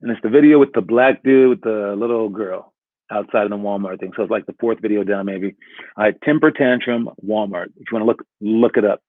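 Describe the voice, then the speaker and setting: A man's voice: lowish voice, brisk, no room sound. A man giving a casual motivational talk as a coach, rambling and asking "all right?" again and again. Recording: tinny phone-like audio.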